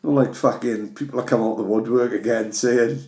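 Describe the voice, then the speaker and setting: A man grumbles about football in casual, sweary podcast chat. His mid-pitched voice has a gravelly edge, and the room sounds echoey. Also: steady tone, fast talker, warm tone. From Wales. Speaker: podcast guest. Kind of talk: casual banter.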